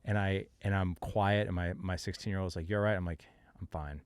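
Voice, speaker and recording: A middle-aged man hosts a podcast with a lowish voice. He retells a story with animated, exasperated energy and acts out the voices of the people in it. The recording is dry and close. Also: quick pace, smooth, no echo. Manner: lively, exasperated retelling with acted-out quotes. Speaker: podcast host. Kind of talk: animated storytelling in casual chat.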